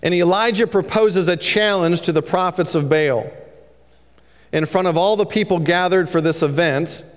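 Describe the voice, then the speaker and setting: A man preaching a sermon in a church sanctuary, his voice smooth and resonant and a touch higher than most men's. He retells the scripture story in casual, conversational paraphrase. The sound hangs in a long hall reverb. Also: normal speed. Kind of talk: expository sermon.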